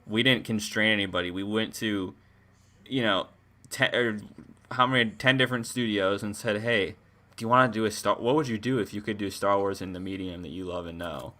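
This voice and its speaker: A man co-hosting a podcast, chatting casually and reacting with animated exclamations. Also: on the low side, fairly quick. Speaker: podcast co-host. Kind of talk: casual excited chat.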